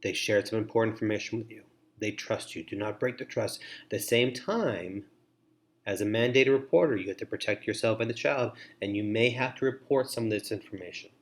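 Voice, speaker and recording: A middle-aged man presenting an instructional webinar for foster parents, giving earnest, measured advice with deliberate pauses and repeated phrases. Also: lowish voice.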